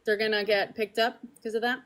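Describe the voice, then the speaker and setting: A woman's voice: on the high side, level tone, a little fast, fairly bright tone, slight background noise. A woman from Spain with a Spanish accent, hosting a heated online debate and pressing the other side with repeated questions. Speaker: streamer debating callers.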